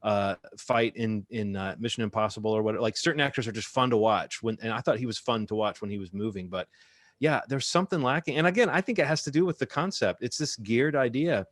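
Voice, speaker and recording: Male podcast co-host, rapid casual movie chat, animated and laughing, dry close-mic sound. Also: no echo. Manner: animated, laughing, pitch jumps when excited.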